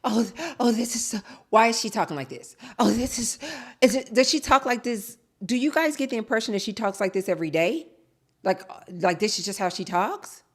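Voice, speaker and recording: A woman streamer talks over a clip in loose, casual commentary. She is blunt and exasperated. Her pitch swings widely as she talks. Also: animated, a little fast. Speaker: streamer reacting to a video.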